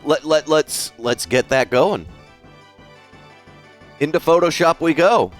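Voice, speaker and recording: A man live-streams as he draws, chatting casually, swearing freely and reading viewers' messages aloud. His voice is on the high side and slow-paced, with faint music behind it.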